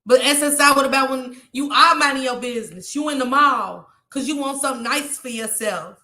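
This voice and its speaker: In an echoey room, a woman vlogger talks fairly quickly in a high, pushed, bright voice. She's impassioned and close to tears as she addresses her livestream audience and reads out their comments.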